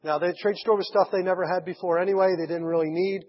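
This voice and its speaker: High-voiced man telling a story in an echoey hall. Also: fairly even intonation, fast. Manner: chuckling storyteller acting out the people he quotes. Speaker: preacher. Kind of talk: sermon storytelling. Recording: echoey hall, dull lo-fi sound.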